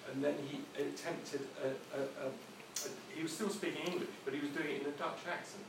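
Halting man heard from across an echoey room. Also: a little high, fairly even intonation. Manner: halting, repeats words while searching for thoughts. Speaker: discussion participant. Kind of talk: casual group discussion. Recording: distant, very echoey room with noise.

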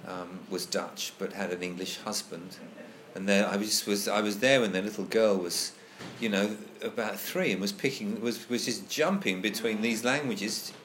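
A man's voice: fairly low pitch, normal speed, few pauses, a bit bright, a little hiss or hum. A man leading a casual group discussion, thoughtful and hesitant, restarting his sentences often.

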